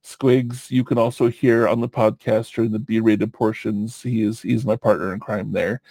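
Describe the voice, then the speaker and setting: A man's voice: fairly low pitch, flat delivery, moderate pace, mellow, no echo. Rambling podcast host guy, dry close mic. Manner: rambling, laughs easily, many fillers. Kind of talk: casual podcast chat.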